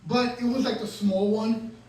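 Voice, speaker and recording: A man's voice: high voice, fairly even intonation, moderate pace, mellow. A man performing stand-up comedy, telling a self-mocking story and acting out the scenes. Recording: echoey room, distant mic.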